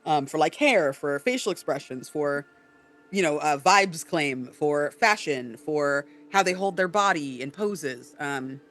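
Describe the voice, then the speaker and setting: A man co-hosting a podcast in casual chat, animated and explanatory, often tagging on "right?". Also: fairly high pitch, measured pace. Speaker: podcast co-host. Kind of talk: casual chat about tabletop role-play.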